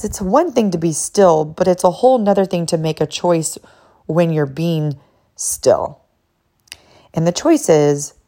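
A woman's voice: low voice, mellow. A woman hosting a personal faith podcast, talking candidly and reflectively, with frequent "like"s and bursts of laughter. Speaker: podcast host.

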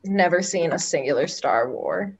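A woman's voice: on the low side, expressive, moderate pace, a crowd in the background. A woman co-hosting a podcast, making dry teasing remarks in casual chat. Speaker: podcast co-host.

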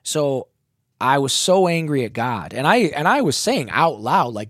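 A man's voice: mid-range voice, big pitch swings, measured pace, a bit bright, no echo, clean studio sound. Profane, emotional man telling a story. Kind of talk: candid storytelling.

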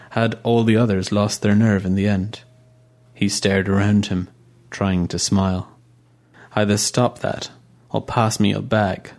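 A man reading a story aloud in a steady, even storytelling manner. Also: fairly low pitch. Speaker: narrator. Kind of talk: scripted audiobook narration.

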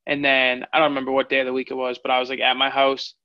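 A man's voice: medium pitch, completely flat delivery, rapid-fire, no room sound. A man in his twenties, a fighter, telling his story candidly in an interview. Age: 20s. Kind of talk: interview answers. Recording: dull lo-fi audio.

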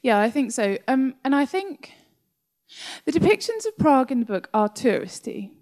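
Animated English woman with gravelly edge. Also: sits high, normal speed. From England. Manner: animated, laughing storyteller. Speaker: author guest. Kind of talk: interview conversation. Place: library talk.

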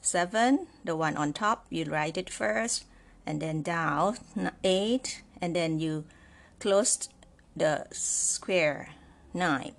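A woman's voice: on the low side, takes it slowly, gravelly. A woman teaching a Chinese language lesson, explaining step by step, repeating example phrases and often checking in with "right?". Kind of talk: slow, patient spoken lesson.

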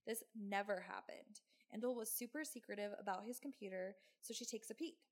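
A woman's voice: medium pitch, a little fast. A woman hosting a podcast, telling a true crime story in casual chat with sarcastic, swearing asides. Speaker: podcast host.

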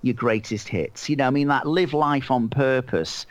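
A man's voice: mid-range voice, moderate pace, noisy background. A man, an author, talking casually and animatedly about his book in a podcast chat, full of asides and fillers. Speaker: author and guest.

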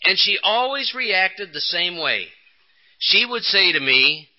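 A man giving a personal recovery testimony at a conference, telling his story with rising emphasis and dramatic pauses. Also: high-pitched, sing-song. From Texas. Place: conference hall. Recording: dull lo-fi 1980s tape.

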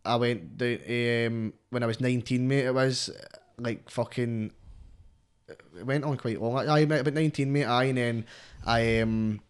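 A man's voice: medium pitch, steady tone, moderate pace, smooth. A young man with a Scottish accent, a guest rapper telling stories in a casual podcast chat, swearing heavily and tagging "mate" onto nearly every line. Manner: heavy swearing, constant "mate" tags.

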